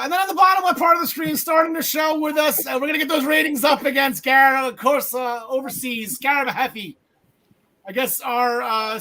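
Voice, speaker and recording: Male podcast host, high-pitched, rambling, quick to joke and self-correct. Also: sharp tone, poor audio. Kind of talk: casual wrestling podcast chat.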